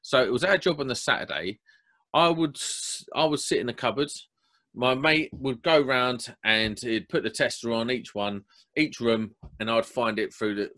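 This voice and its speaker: A young man, hosting a casual podcast and telling a wound-up story in a blunt, animated way. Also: medium pitch. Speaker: podcast host.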